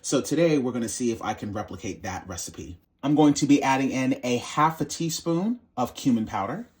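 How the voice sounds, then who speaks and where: Cooking host, male, mid-pitched, playful and sassy, chatty tutorial delivery. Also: lively intonation, a little fast. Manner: sassy, playful, calls viewers baby and honey.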